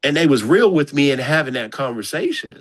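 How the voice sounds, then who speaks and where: A man, a basketball coach, talking casually in an interview in an animated, slangy way with lots of repeated phrases. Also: medium pitch, brisk, no echo.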